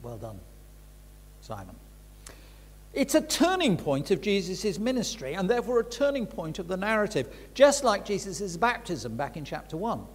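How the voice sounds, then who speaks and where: A man's voice: high voice, huge pitch swings, moderate pace, slightly rough. An older man giving a reflective Bible teaching talk as a preacher, frank and conversational, with emphatic stresses. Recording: long reverb of a large hall.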